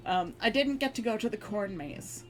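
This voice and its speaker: A woman's voice: medium pitch, lively intonation, normal speed, soft background music. A woman streamer chatting casually, rambling with fillers and frequent laughs. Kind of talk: casual chat.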